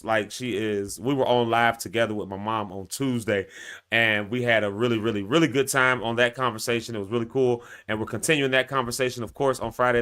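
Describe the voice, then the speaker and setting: A man's voice: medium pitch, clean tone. A man in his thirties hosting a live-stream show, chatting casually with viewers, laughing often. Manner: animated, laughing, talks straight to viewers.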